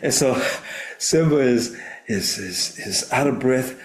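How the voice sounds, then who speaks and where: A man's voice: mid-range voice, expressive, slow pace. An older man from the United States, a therapist and minister, telling a story as an interview guest in an earnest way, often restarting words. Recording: roomy echo.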